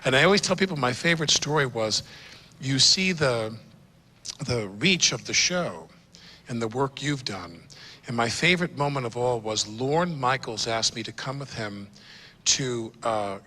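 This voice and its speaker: A man's voice: mid-range voice, animated, a little slow, bright, forceful tone. A man giving a joking, anecdotal toast with comic timing at a tribute event. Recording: roomy hall reverb, audience and noise.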